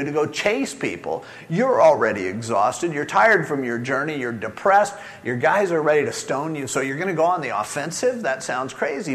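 Man preaching in a reverberant hall. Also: a little high. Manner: earnest, conversational preaching with quoted prayers. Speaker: pastor. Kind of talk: sermon. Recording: long reverb of a large hall.

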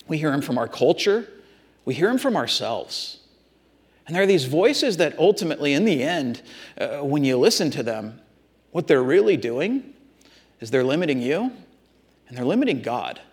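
A man's voice: on the high side, very animated, moderate pace, long pauses, darkish tone, breathy edge. A man preaching a sermon, talking straight to his congregation in an earnest, repetitive way. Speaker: pastor.

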